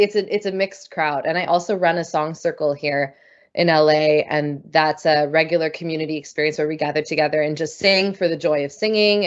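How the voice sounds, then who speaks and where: A woman's voice: low voice, lo-fi sound. A woman speaking as a podcast guest in casual chat, enthusiastic and open, with a spiritual tone. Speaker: podcast guest, voice and singing group leader.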